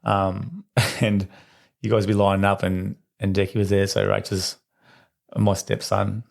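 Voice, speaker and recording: A middle-aged man with an Australian accent hosting a casual podcast chat, chatty and quick to agree. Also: lowish voice, monotone, creaky. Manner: chatty, quick, affirms with frequent yeahs. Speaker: podcast host, teacher.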